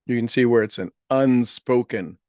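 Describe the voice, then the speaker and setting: A man leading a guided meditation, speaking affirmations slowly and gently, repeating each phrase with soft trailing endings. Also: medium pitch, no room sound, clean studio sound. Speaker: meditation leader.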